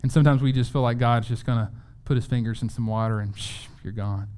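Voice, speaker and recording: A man preaching a sermon in an earnest, conversational way, often restarting his words and slowing down to read scripture aloud. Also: medium pitch, steady tone, mellow. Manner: reads scripture aloud slowly. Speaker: pastor.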